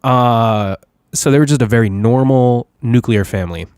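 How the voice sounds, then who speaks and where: A man's voice: medium pitch, moderate pace, darkish tone, clear, resonant tone, no room sound, studio quality. A young man co-hosting a podcast in casual, rambling chat, joking and laughing often. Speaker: podcast co-host.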